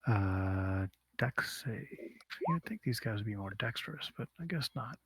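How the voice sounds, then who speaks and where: A man running a tabletop game as game master, narrating the action in a relaxed, unhurried way. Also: fairly low pitch, vocal fry, husky. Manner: relaxed, unhurried, hums filler sounds while rolling.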